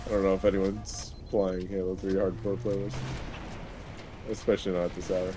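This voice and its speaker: A man's voice: deep voice, flat delivery, normal speed, dark tone, soft background music. A young man in casual chat while gaming, laid-back with short remarks. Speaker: podcast co-host and gamer. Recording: game sound noise behind. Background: video game gunfire.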